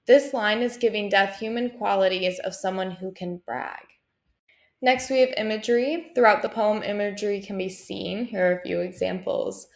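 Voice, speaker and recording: Woman reading a school presentation, echoey. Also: medium pitch. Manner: steady, careful reading with list-like pauses. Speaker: student presenter. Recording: roomy, echoey sound.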